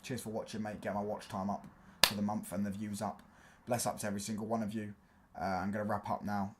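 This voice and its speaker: Laid-back young streamer. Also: male voice, on the low side, little pitch movement, fast, bright, forceful tone, a little hiss or hum. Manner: loose, slangy, rambling with fillers. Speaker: football livestream host. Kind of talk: casual livestream chat.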